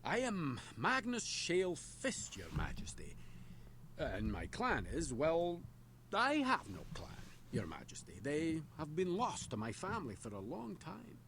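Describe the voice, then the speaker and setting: An actor playing a loyal young clanless dwarf in a video game, speaking earnestly and respectfully. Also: male voice, on the high side, a little slow, a little hiss or hum, heavily acted. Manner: hesitant, then steady and earnest.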